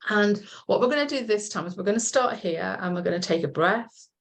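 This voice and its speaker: A woman coach leading a group session over a video call, guiding a relaxation exercise in a gentle, encouraging, chatty way. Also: medium pitch, lively intonation, a little fast, vocal fry. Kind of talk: guided relaxation instruction.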